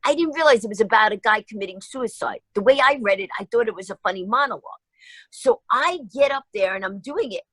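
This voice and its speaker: Husky, lively woman comedian telling stories. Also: a little high, no echo, poor audio. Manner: acts out everyone's quotes, quick and lively. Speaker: stand-up comedian guest. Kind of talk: animated storytelling in a radio interview.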